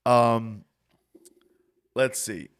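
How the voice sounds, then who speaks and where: A man's voice: medium pitch, drawn-out words, clean tone. A young man hosting a podcast, telling rambling stories in casual chat and swearing a lot. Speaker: podcast host.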